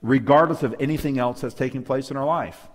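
A man's voice: mid-range voice, fairly quick. Emphatic preacher man in a reverberant hall. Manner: emphatic, asks the audience for amens. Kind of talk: sermon-style Bible lesson. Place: church hall with local and online audience.

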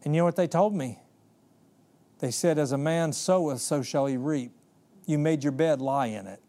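A man's voice: on the high side, normal speed, dark tone, lightly acted. A man preaching who voices a desperate male leper pleading earnestly for help.

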